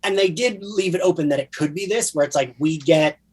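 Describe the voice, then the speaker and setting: A man's voice: fairly high pitch, a little fast, breathy edge. A man from New Jersey with a New Jersey accent, co-hosting a podcast in casual, chatty talk full of fillers. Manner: chatty, many fillers, animated. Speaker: podcast co-host. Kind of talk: casual chat.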